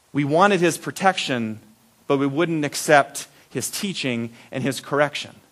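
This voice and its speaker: Man, pastor, sermon, high voice, animated storytelling, acted-out voices. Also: a little slow. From Iowa. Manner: animated storyteller, acts out voices, swings loud and soft.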